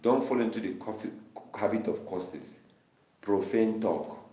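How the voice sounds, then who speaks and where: Deep-voiced man teaching scripture. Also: measured pace, warm tone. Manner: repeats phrases emphatically, reads verses and explains them. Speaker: Bible study teacher. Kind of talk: Bible study teaching. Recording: roomy, distant mic.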